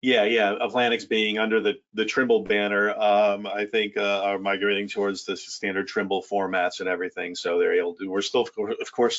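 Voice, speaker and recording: A man presenting software features in a casual walkthrough, rambling with many fillers and restarts. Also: fairly low pitch. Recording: dull lo-fi sound.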